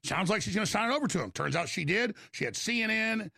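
A middle-aged man hosting a talk show, telling a long, heated story in a rambling, rapid-fire way. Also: high voice, expressive, gravelly, sharp tone, no room sound, clean studio sound. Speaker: show host.

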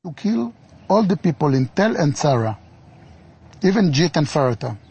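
A man speaking slow, halting, broken English as a lawyer in a played interview clip. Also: a little high, sing-song, vocal fry, warm tone, breathy edge, dull audio.

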